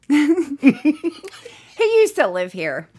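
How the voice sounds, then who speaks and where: With a high voice and drawn-out words, a middle-aged mother spins a story on a casual podcast. She's animated, acting out quotes, and she swears a lot.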